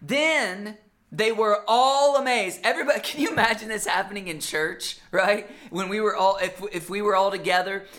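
A pastor preaching a sermon in an animated, conversational way, acting out quotes as he goes. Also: mid-range voice, quick pace, few pauses.

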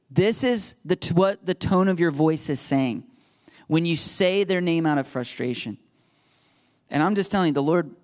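A man preaching a sermon to a live congregation in a loose, conversational way, joking and laughing at himself between points. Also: fairly high pitch.

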